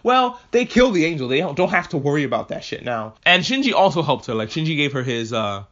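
A podcast host recaps anime episodes in an offhand, foul-mouthed way. His voice sits a little high for a man. The recording sounds muffled and lo-fi. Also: brisk. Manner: casual, profane, animated asides. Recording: muffled lo-fi audio.

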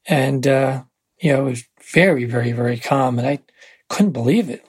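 An older man being interviewed tells a personal story in a very husky, mid-range voice. He rambles and halts, with many fillers and restarts.

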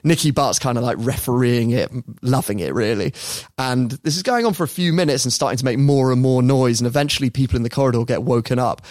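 A man hosting a podcast, telling a story in a lively casual way and often laughing. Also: mid-range voice, quick pace, hardly any pauses, no echo, clean studio sound. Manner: lively, laughs often, mimics people in quotes.

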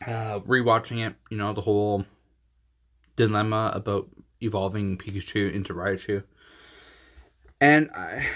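A man in his thirties hosts a casual podcast, rambling through a recap with plenty of jokes and laughter. His voice sits on the low side, and he talks at an unhurried, drawn-out pace. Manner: rambling, joking, laughs often. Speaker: podcast host. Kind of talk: casual episode recap and sponsor read.

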